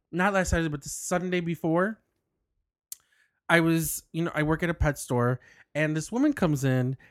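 A man's voice: fairly high pitch, dry recording, clean studio sound. A man co-hosting a podcast, telling a rambling story with lots of laughs and restarts. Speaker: podcast co-host. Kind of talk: casual chat. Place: indoor recording studio.

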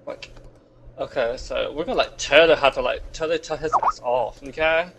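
A man's voice: a little high, a little fast, creaky, heavy background noise. A man co-hosting a casual talk show who swears freely and talks crudely. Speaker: podcast co-host. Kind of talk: casual chat.

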